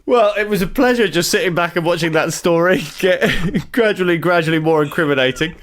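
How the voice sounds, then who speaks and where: A man's voice: sits high, fairly quick, fairly bright tone, a little hiss or hum. A man co-hosting a comedy podcast, teasing his co-host with mock-serious questions. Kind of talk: comedic interviewing banter.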